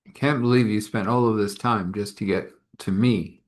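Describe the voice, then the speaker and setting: A very old, reclusive woman, as a male storyteller puts her on, speaking slowly and softly in a lowish voice. She is ceremonial and curt, answering with plain, matter-of-fact words in this spoken story. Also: steady tone, natural voice. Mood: calm.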